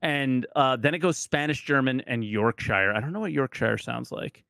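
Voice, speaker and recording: A man's voice: medium pitch, normal speed, creaky, fairly bright tone, dry recording, clean studio sound. A man from New Jersey, a streamer guest on a podcast, chatting casually in a rambling, self-deprecating way.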